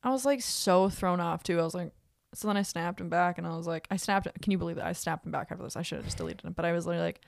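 A woman's voice: fairly low pitch, racing, creaky, no room sound, clean studio sound. A young woman in her twenties telling dating stories in casual chat, acting out quotes and swearing freely. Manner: animated storytelling, full of acted-out quotes, swears freely.

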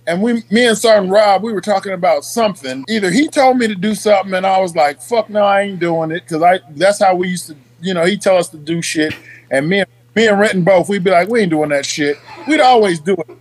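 High-voiced man telling salty stories. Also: dry recording, low-quality recording. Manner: profane, animated, laughs as he tells stories. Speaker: guest, Army veteran. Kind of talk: casual storytelling.

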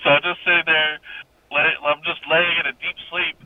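A man's voice: a little high, little pitch movement, moderate pace, dry recording. A young adult man calling in to tell a personal ghost story, rambling and swearing casually, laughing often. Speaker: caller. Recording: muffled phone-line call with faint hiss.

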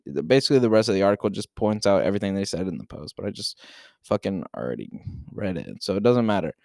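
A man hosting a casual solo podcast, reacting to a news post in a profane, excitable, rambling way into a desk microphone. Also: low voice, quick pace, gravelly, no echo, studio quality. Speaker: podcast host.

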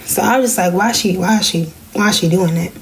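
A young woman, telling a personal story in a casual podcast vlog and jumping into high voices when she quotes people. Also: quick pace, a little hiss or hum. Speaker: podcast host.

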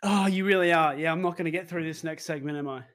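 A man's voice: a little high, fast talker, fairly bright tone. A man, casually chatting to his livestream audience, swearing now and then. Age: 20s. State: out of breath. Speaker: streamer.

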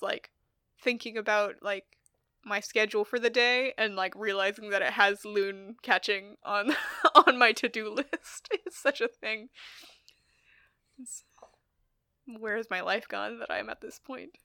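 A woman's voice: on the high side, fairly even intonation, unhurried, sharp tone, clean tone, dry recording, clean studio sound. A young woman chatting casually, laughing often and filling her talk with likes and ums. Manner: giggly, chatty, many fillers. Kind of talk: casual chat.

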